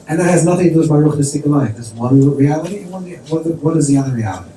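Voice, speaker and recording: A man's voice: fairly high pitch, animated, quick pace, few pauses, mellow. A man, a rabbi, telling a story in a conversational sermon, sprinkling in Yiddish and Hebrew terms. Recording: distant mic in an echoey room with faint noise.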